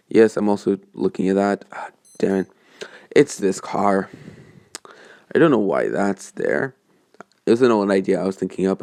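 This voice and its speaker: Male storyteller, low gravelly voice, dry close sound, rambling improvised delivery. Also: a little mellow, dry recording. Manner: rambling, hesitant, many fillers and self-corrections. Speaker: fan story narrator.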